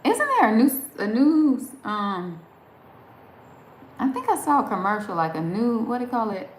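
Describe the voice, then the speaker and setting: Very animated yet unhurried, a woman with a mid-range voice reads viewer comments in a casual live stream chat. She's from New Jersey, has a Southern accent, and rambles and laughs often, with echo and faint background noise in the room.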